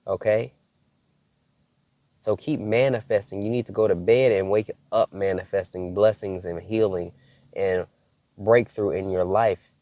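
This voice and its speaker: A man with a low voice delivers a devotional message straight to his viewers. He preaches emphatically, circling back to the same phrases and asking "okay?" as he goes. The sound is dry and close. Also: steady tone, measured pace, mellow, dry recording. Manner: emphatic, repeats key phrases, checks in with "okay?". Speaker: prophetic preacher.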